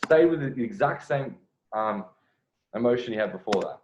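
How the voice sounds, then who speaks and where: A man comments on a video as a dating coach, blunt and casual, with swearing dropped in and phrases restarted mid-thought. His voice sits on the lower side. The recording is roomy and echoey, with a dull, lo-fi tone. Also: lively intonation, normal speed, slight background noise. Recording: echoey room, lo-fi sound.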